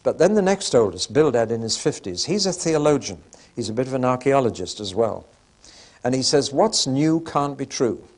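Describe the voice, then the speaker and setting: An older male Bible teacher speaks at an even middle pitch. He talks to his listeners in a relaxed, conversational way and lifts his voice when he acts out the people he quotes. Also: a little fast. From England. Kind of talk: sermon-style Bible teaching.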